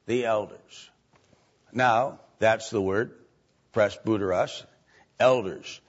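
A man teaching from the Bible in a slow, halting way, with many ums and restarts. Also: on the low side, steady tone. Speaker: preacher. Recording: dull lo-fi recording.

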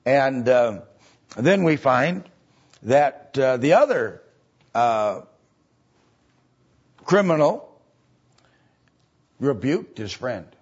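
Male preacher, husky, slow and halting, plain Bible explainer, dull lo-fi recording. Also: mid-range voice, big pitch swings. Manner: halting, explains step by step, many filler sounds. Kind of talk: sermon.

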